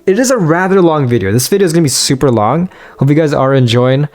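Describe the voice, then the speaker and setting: A man giving casual let's-play commentary in a strained, hoarse voice as he starts to lose it, rambling with lots of fillers and restarts. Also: a little high, expressive, fast, darkish tone. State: losing his voice, strained. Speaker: gaming video creator.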